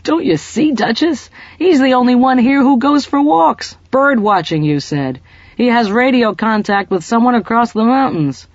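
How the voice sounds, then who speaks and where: A narrator doing a wry, excited male agent. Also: mid-range voice, normal speed, no echo, voice pushed up, natural voice. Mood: amused. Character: wry male American agent, sardonic and quick. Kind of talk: audiobook reading. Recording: dull lo-fi audiobook recording.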